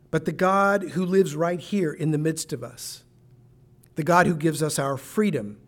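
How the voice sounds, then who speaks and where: A pastor delivers a sermon in an earnest, emphatic manner. His voice sits a little higher than most men's. He sometimes breaks off and restarts a phrase as he presses his point. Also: darkish tone.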